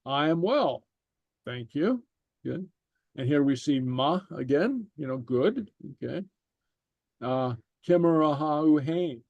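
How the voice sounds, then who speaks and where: A man teaching a Gaelic class online, reading slowly and patiently with lots of fillers. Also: medium pitch, sing-song, vocal fry, no room sound, lo-fi sound. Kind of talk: online language lesson.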